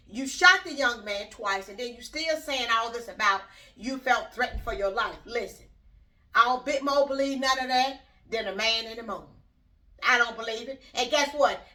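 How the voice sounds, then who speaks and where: A woman's voice: high voice, pushed and bright, distant mic. A middle-aged woman hosting her own vlog channel, speaking bluntly and rambling straight to her viewers. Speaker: YouTube channel host. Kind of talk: casual opinion vlog.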